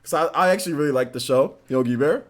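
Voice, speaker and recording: A man hosting a casual livestream chat, telling animated stories and laughing often. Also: a little high, fast talker. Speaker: host. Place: indoors under studio lights. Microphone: on camera.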